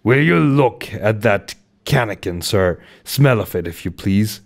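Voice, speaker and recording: Guy doing a loud mocking sailor mate, blustering, low and slow. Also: lively intonation, vocal fry, full character voice. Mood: indignant. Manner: mocking, blustering, rising outbursts.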